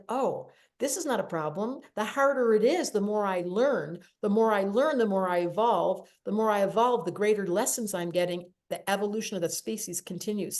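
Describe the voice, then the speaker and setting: A woman hosting a podcast interview, telling personal stories in an animated, emotional way. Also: on the high side. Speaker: podcast host. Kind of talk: conversational interview.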